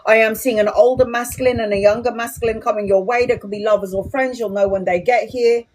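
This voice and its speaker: A middle-aged woman giving a live tarot reading in a blunt, profane, animated way. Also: on the high side, fast talker. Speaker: tarot reader.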